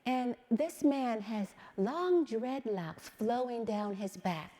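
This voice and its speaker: A woman's voice: on the high side, expressive, mellow, long reverb tail. Woman telling a story in a talk. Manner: measured storytelling with frequent "right?" asides. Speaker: speaker giving a talk.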